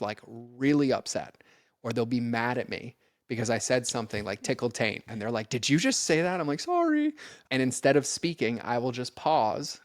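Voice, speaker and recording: A man's voice: medium pitch, dry recording, studio quality. A man talking as a podcast guest, earnest and direct, speaking casually with lots of "like" and the odd swear, often addressing listeners straight on. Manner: casual, peppered with "like" and mild swearing.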